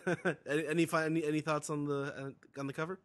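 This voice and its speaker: A man's voice: a little high, flat delivery, quick pace. A man hosting a podcast, reading aloud and chatting casually with fillers. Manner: reads aloud animatedly, with fillers. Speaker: podcast host. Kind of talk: casual recap chat.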